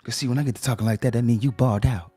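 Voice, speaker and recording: A man's voice: mid-range voice, fairly even intonation, racing, dark tone, slightly rough, faint music behind. A man hosting a sports livestream, reading game scores in a casual rundown and reacting to each result with slang asides.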